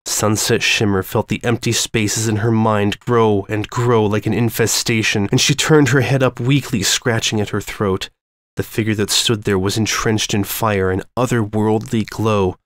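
Man reading a dark story aloud. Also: lowish voice, steady tone, no echo. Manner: measured, ominous storytelling. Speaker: story reader.

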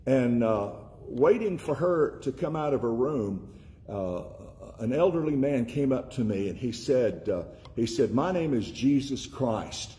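A man from Tennessee preaching a sermon as pastor, slowing down and repeating key words for emphasis. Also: mid-range voice, expressive, mellow.

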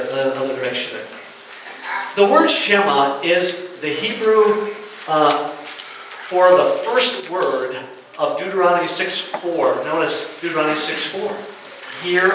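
A man's voice: sits high, bright, forceful tone, slight background noise. A male pastor preaching a sermon to his congregation in a folksy way, often checking in with them. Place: church sanctuary. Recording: very echoey church room from far off.

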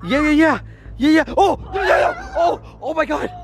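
A male vlogger with a very high-pitched, animated voice chatters excitedly at a moderate pace while filming. He talks frantically and repeats words, with music playing underneath.

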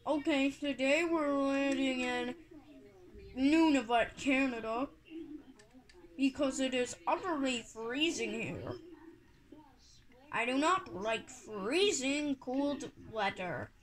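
Brief: female gaming host, goofy and rambling, high-pitched, unhurried. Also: lively intonation, low-quality recording. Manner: silly, rambling, sing-song asides. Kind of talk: playful gameplay commentary.

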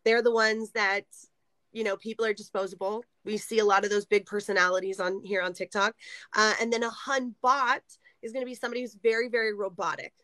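A woman's voice: medium pitch, fairly even intonation, a little fast, a bit bright, no echo. A woman, a former seller for a sales scheme, chatting casually as a guest on a live stream and explaining terms with frequent laughs.

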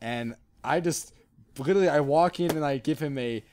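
Animated young man telling stories. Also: on the high side, moderate pace. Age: young adult. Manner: animated anecdote telling, crude humor. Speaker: podcast cast member. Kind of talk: casual chat, storytelling.

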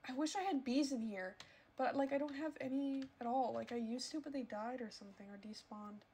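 A woman's voice: high-pitched, brisk, warm tone, a little hiss or hum. A woman streaming a video game, chatting casually to her viewers in a rambling way with lots of filler words. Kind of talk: casual gameplay streaming chat.

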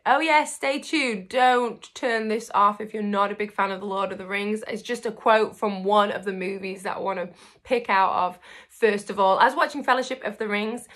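A woman pastor giving a video devotional in an encouraging, lively storytelling manner. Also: medium pitch.

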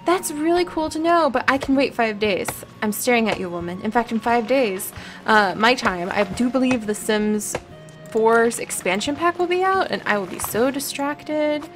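A woman's voice: on the high side, lively intonation, moderate pace, faint music behind. A young woman chatting casually as she plays a farming game, bubbly and cooing over the animals. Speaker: gameplay vlogger. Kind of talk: casual gameplay commentary.

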